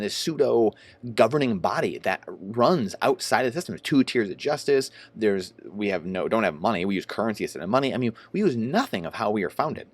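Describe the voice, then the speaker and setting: Male vlogger, low-voiced, rapid heated rant, close and dry. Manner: heated, indignant, emphatic. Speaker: investing vlogger. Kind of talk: solo rant to camera.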